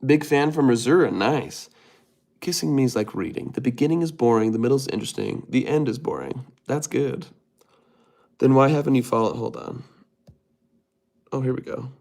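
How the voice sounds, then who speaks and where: A young man hosting a casual livestream, reading viewer comments aloud and answering them with quick, joking asides. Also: mid-range voice, gravelly, a little mellow. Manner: playful, jokey, talks fast with quick asides. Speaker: livestream host.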